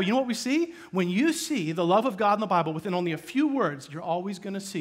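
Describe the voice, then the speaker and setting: A man preaching a sermon as pastor, shifting from loud emphatic bursts to hushed asides. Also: high-pitched, animated, fast talker, hardly any pauses. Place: church.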